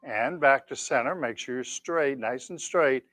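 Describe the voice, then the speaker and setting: A man teaching tai chi, calmly calling out each move and counting the steps for his class. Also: mid-range voice, dry recording. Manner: calm, counting out moves slowly. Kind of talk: leading an exercise class. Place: exercise class room.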